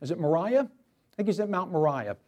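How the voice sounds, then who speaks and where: A male pastor preaching a sermon to his church, telling a story in an animated, storytelling way. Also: sits high, normal speed.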